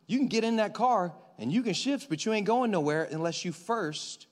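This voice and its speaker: A young man in his twenties preaching a sermon as pastor in a church, animated, swinging between loud excited bursts and quiet intimate passages. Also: high voice, normal speed. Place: church sanctuary. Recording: long hall reverb.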